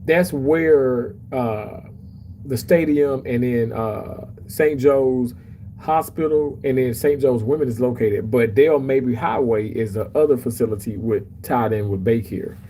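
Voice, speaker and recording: A man's voice: mid-range voice, unhurried, mellow, slight background noise, low-quality recording. A man hosting a casual livestream, chatty and emotional as he reads comments aloud. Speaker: livestream host reading chat.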